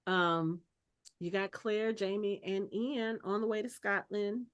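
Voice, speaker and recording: A woman's voice: medium pitch, steady tone, takes it slowly, clean tone, lo-fi sound. A woman hosting a podcast in casual chat, rambling and laughing often as she recaps a TV episode. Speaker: podcast host.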